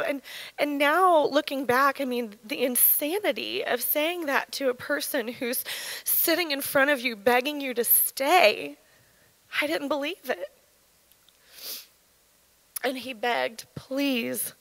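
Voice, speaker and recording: A woman in her thirties giving an earnest, halting personal testimony at church, her voice shaken with emotion. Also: sits high, vocal fry, a bit bright, dry recording, rough recording. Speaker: church speaker sharing testimony.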